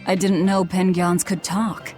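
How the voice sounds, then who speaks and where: A woman's voice: on the low side, level tone, unhurried, darkish tone, soft background music, lightly acted. A woman voicing a blunt, grim young swordswoman in a video game, speaking tersely and dryly. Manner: terse, dry.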